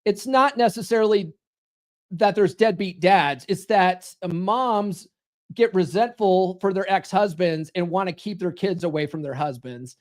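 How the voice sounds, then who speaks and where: A man's voice: high-pitched, unhurried, darkish tone. A man hosting a podcast, talking casually and bluntly, swearing and tossing in "right?" and "okay?" as he goes. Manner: blunt, profane, keeps checking in with "right?" and "okay?". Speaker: podcast host. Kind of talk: casual monologue to a live chat.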